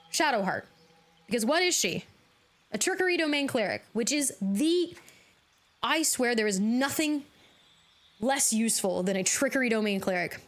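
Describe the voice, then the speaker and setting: A woman streaming a video game live, chatting casually with her viewers, bubbly and quick to laugh. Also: on the high side. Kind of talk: casual live-stream chat while gaming.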